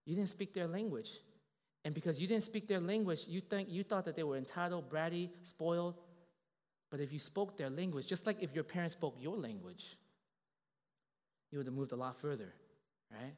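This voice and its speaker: Animated pastor preaching in a reverberant hall. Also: male voice, fairly high pitch, normal speed, long pauses. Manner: animated, conversational, asks many tag questions. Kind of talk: sermon with a told story. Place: church.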